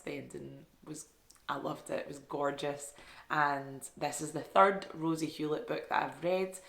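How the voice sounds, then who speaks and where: A woman chatting casually about books she loved, enthusiastic and self-deprecating. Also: sits low. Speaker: book reviewer. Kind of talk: casual book review vlog. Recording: echoey room.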